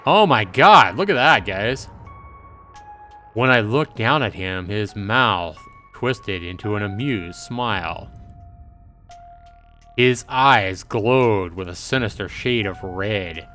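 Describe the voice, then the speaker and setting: A man streaming a visual novel, reading the text aloud into a close mic and breaking into excitable outbursts. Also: fairly low pitch, slow, soft background music. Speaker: game streamer.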